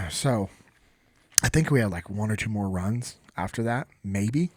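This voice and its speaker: A man's voice: fairly low pitch, animated, a little slow, no room sound. An American man hosting a podcast, telling an emotional story in a casual, earnest way. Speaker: podcast host.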